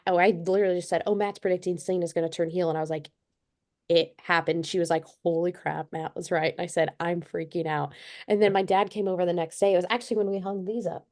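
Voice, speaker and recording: A woman's voice: on the low side, fast. A young adult woman co-hosting a podcast, telling a story in casual chat and acting out the quotes. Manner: animated storytelling, acts out quotes. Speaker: podcast co-host.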